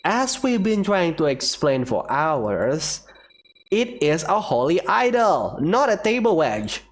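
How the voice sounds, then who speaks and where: Man reading out a deadpan AI ship computer, sarcastic and gloomy, game dialogue read aloud. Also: a little high, slow pace.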